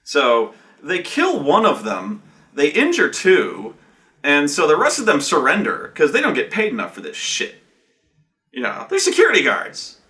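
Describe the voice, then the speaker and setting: A man's voice: a little high, huge pitch swings, normal speed, sharp tone. A man recounting a tabletop game session as game master, rambling and profane, with restarts and acted-out quotes from the players. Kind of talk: casual profane storytelling.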